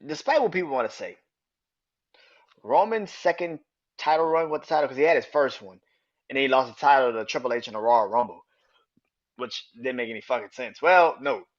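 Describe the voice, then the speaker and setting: Profane, excitable man on a podcast. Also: mid-range voice, muffled recording. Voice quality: profane, excitable, laughs often. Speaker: podcast host. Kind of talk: casual wrestling podcast rant.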